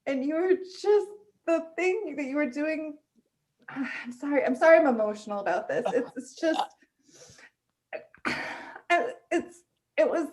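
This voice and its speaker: A woman in an improv scene playing a rattled young student who speaks haltingly and emotionally, close to tears. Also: fairly high pitch. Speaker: improv performer.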